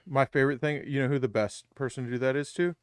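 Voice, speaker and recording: A man's voice: mid-range voice, fairly even intonation, fast, smooth, dry recording, clean studio sound. A man co-hosting a live stream, telling joking stories in casual banter, swearing freely and laughing often. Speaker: podcast co-host.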